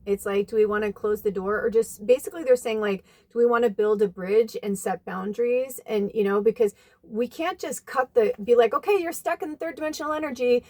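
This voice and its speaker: A woman's voice: medium pitch, steady tone, normal speed, few pauses, warm tone. Rambling woman giving spiritual advice. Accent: American. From United States. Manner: rambling, many fillers, casual swearing. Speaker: spiritual medium giving a reading. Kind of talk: casual spiritual advice monologue.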